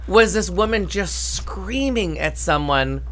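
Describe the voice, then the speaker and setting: A woman's voice: fairly low pitch, a little hiss or hum. A woman co-hosting a podcast, telling stories in a rambling, swearing, casual chat. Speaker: podcast co-host.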